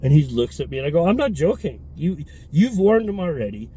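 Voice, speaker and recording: A man who owns a fitness studio, telling a heated, profane story in a casual, animated way. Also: on the high side, brisk, slightly rough, low-quality recording.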